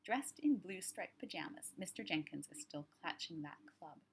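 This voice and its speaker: A woman author reading her own crime story aloud in measured, low-key narration. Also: expressive, slightly rough.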